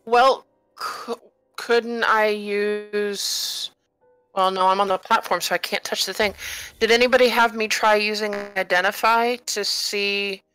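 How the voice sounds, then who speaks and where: Slow, bright-voiced woman at a game table. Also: medium pitch, steady tone, smooth, soft background music, rough recording. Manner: hesitant, thinks aloud with many ums. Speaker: player. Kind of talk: casual tabletop game chat.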